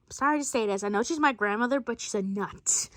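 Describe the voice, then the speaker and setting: A woman's voice: a little high, fast, fairly bright tone, dry recording, clean studio sound. A woman telling a playful family story, switching between many character voices. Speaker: storyteller voicing a family skit. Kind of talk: playful family role-play.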